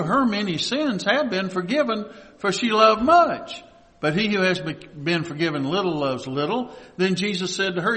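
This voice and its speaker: A man's voice: fairly high pitch, a bit bright. A man preaching a sermon as pastor, earnestly calling on his congregation to repeat lines after him. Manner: earnest preaching with audience call-and-response. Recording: long hall reverb.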